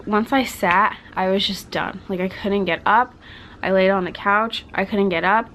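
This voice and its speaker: A woman's voice: medium pitch, a bit bright, poor audio. Young woman rambling thru a vlog update at home, kinda breathless, faint hum behind. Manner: chatty, rambling, frequent "like". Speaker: vlogger. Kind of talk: casual pregnancy update vlog. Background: washing machine hum.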